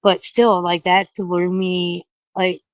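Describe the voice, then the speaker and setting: A woman's voice: lowish voice, level tone, slow, no room sound. A woman chatting on a livestream, swearing a lot and sounding scared and out of breath outdoors at night. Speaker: streamer. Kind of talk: casual livestream chat.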